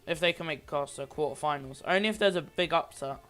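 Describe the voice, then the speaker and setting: Man, amateur football commentator, high and clear voice, loose self-correcting delivery, faint music underneath. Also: fast, a bit bright. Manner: rambling, with frequent restarts and self-corrections. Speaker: match commentator.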